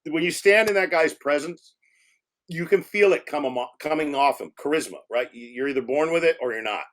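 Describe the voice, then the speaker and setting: Speaking somewhat quickly and a little high, a male film director recounts spirited anecdotes in a laid-back interview. He curses liberally and mimics the voices of others.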